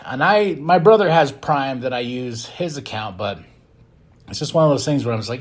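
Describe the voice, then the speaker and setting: A man hosting a podcast, giving a casual, excitable and rambling recap of a wrestling show, often breaking into laughs. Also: medium pitch, normal speed. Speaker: podcast host.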